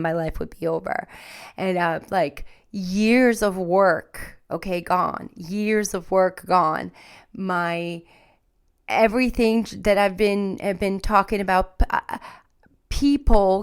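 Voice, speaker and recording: A woman's voice: medium pitch, clear, resonant tone. A woman hosting a podcast, telling a candid, emotional personal story in a rambling, self-deprecating way. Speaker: podcast host.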